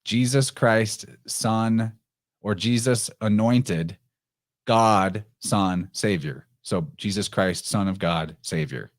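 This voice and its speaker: A man hosting a podcast, reading old prophetic verse aloud in a slow, solemn way and explaining it. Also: on the low side, no echo, clean studio sound. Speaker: podcast host.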